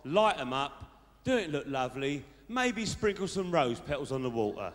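A man's voice: fairly high pitch, sing-song, normal speed. A man playing a boastful South London lad who gives dating tips in a live stand-up character act, full of tag questions. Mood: cocky. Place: large theatre stage with audience. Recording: live hall reverb, faint noise.

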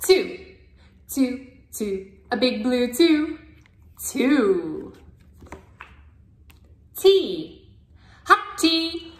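A woman speech language pathologist modeling simple sounds and words for toddlers in a playful, sing-song, drawn-out way. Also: high-pitched, sing-song, echoey room. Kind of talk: slow, exaggerated word modeling for toddlers.

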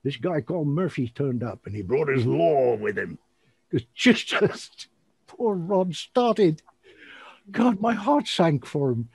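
A man hosting an online show, chatting casually in a rambling, animated way and laughing often. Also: a little high, takes it slowly, vocal fry, slightly rough, no room sound. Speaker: show host and magician.

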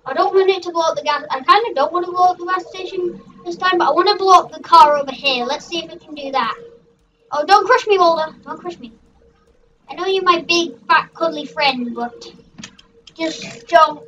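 A young gaming host rambling through excitable let's play commentary, shrieking at what happens in the game. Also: very high voice, normal speed, a little hiss or hum. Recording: dull, distant mic with faint music.

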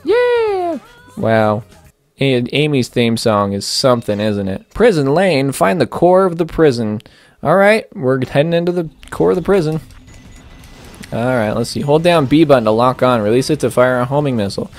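A man's voice: expressive, moderate pace, faint music behind. A young man casually commenting on his gameplay, rambling and joking with lots of fillers. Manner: rambling, filler-heavy, jokey, puts on silly high voices. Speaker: let's play host.

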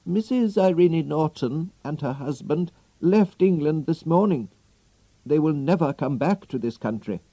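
A man voicing a calm, polite old female servant in a slow storybook reading, his voice lifted higher and softer for her. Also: no echo.

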